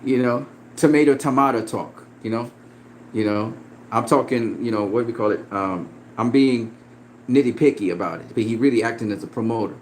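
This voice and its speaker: A man's voice: on the low side, a little fast, a little mellow, a little hiss or hum. A man in a profane, confrontational casual rant about boxing, laughing often as he talks back at a critic. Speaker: boxing commentator.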